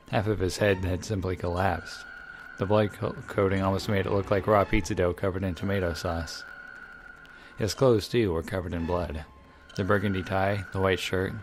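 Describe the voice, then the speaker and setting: A man reads the text of a story game aloud, dramatic and measured, stumbling now and then. His voice sits low. Faint music plays behind him. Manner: measured, dramatic narration with occasional slips. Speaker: game reader. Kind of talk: dramatic reading of a visual novel.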